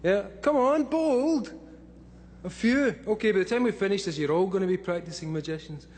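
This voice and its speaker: Brief: drunk Scottish man in his thirties, high and loud, swearing through a live speech over a faint hum. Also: fast talker. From Scotland. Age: 30s. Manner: loud, swearing, laughing between lines. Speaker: convention speaker. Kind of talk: profane live talk to an audience.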